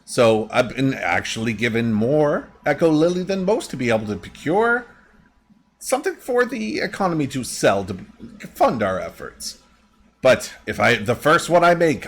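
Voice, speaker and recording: A man's voice: medium pitch, sing-song, moderate pace, fairly bright tone, a little hiss or hum. A man voicing a sly, boastful old female crafter who sweetly calls people dearie. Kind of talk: tabletop role-play voice.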